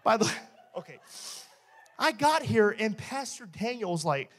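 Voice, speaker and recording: A young man giving a testimony sermon in a church. He talks with animated energy, jokes and laughs often. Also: high voice, a little slow, pauses often. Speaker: church minister.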